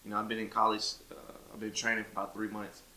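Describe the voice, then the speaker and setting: A man's voice: lowish voice, monotone, fast talker, sharp tone, reverberant, slight background noise, rough recording. A man, casually telling his own story in an interview and acting out what others said. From Memphis, Tennessee. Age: 20s. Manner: conversational, acts out others' words, frequent "you know".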